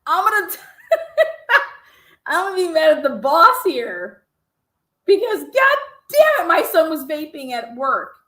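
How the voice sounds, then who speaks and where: A woman's voice: very high-pitched, big pitch swings, takes it slowly, long pauses, pushed and bright, reverberant. A woman host giving mocking, profane reaction commentary, swearing and laughing in disbelief. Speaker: podcast host reacting to a clip.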